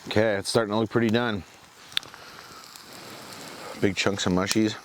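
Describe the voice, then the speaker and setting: Low-voiced man hosting a camping vlog, relaxed and chatty, recorded outdoors on a camera mic. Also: moderate pace, noisy background. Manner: relaxed, chatty, talks to the viewers. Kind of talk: casual vlog narration. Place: outdoors at a forest campsite by a fire.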